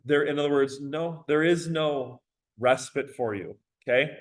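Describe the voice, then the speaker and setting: A man's voice: on the high side, measured pace, poor audio. Casual male teacher explaining a poem. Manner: casual, many "you know" and "okay?" fillers, dramatic readings of verse. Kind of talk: recorded lecture on a poem.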